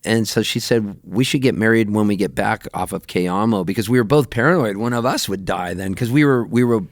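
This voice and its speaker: A middle-aged man telling lively anecdotes in a radio interview, laughing often and jumping his voice up high when he quotes himself. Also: brisk, no room sound, studio quality. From Canada, raised in Southern California. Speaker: touring musician, guest. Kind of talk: animated storytelling in a radio interview.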